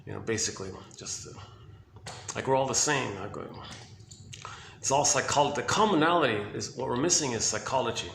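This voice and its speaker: A man talks his thoughts through in a loose, rambling monologue, circling back and restarting his sentences. His voice sits at a middle pitch and bounces around an echoey indoor space, with faint ambient hum behind it. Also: fairly quick, creaky, fairly bright tone. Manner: rambling, repetitive, full of restarts and asides. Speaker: self-help commentator. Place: indoor building with hallway and rooms.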